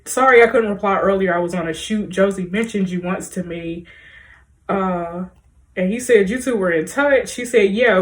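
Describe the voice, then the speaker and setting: A woman doing let's play commentary, reading in-game messages aloud and talking straight to her viewers in a lively, chatty way. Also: mid-range voice. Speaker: gaming video creator.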